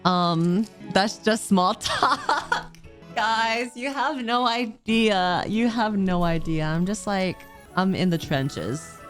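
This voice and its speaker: A woman's voice: mid-range voice, expressive, takes it slowly, soft background music. A woman streamer in casual chat who rambles, laughs often and leans on "like" as she reads chat aloud. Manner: rambling, giggly, heavy use of "like".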